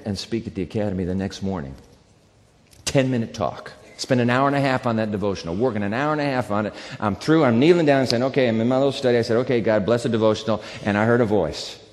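A man preaching as a pastor, telling a personal story in a conversational, animated way and acting out the dialogue. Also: lowish voice, long reverb tail. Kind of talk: sermon storytelling.

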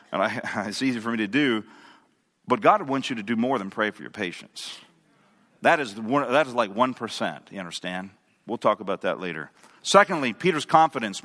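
A man's voice: medium pitch, bright, forceful tone. A male pastor preaching a sermon, emphatic and asking the audience questions. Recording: long hall reverb.

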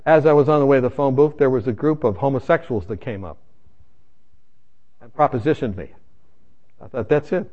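Speaking fairly quickly but with long pauses, a man with a medium-pitched voice preaches his personal testimony over a muffled recording. He addresses listeners directly, telling his story with emphasis.

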